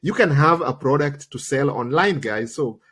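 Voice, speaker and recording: A man's voice: a little high, lively intonation, moderate pace, a bit bright, breathy edge. A man hosting a live trading tutorial, slightly worn from a recent cold, chatty and checking in with listeners constantly. He speaks English as a second language. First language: not English. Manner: chatty, peppers talk with "okay?" and "guys". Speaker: trading coach and livestream host.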